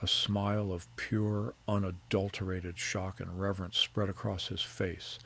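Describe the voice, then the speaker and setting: A middle-aged man narrating a first-person story. His voice is very low and gravelly. His delivery is calm, measured and precise.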